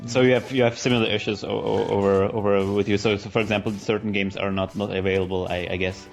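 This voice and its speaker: Gravelly co-host, hesitant and rambling. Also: male voice, on the low side, level tone, faint music behind. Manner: halting, filler-heavy questions. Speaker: podcast co-host. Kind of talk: casual chat over gameplay.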